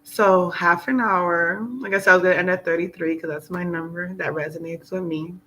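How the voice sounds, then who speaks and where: A woman's voice: fairly low pitch, fairly even intonation, a little fast, a bit bright, a little hiss or hum, low-quality recording. A woman talking in a casual, rambling spiritual vlog, earnest and emotional, preaching at times. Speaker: spiritual vlogger. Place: outdoors in South Florida.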